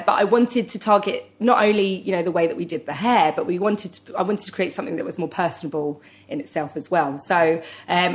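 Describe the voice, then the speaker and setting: Chatty woman, salon colourist guest. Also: lowish voice. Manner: chatty, many fillers, laughs often. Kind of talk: casual interview chat.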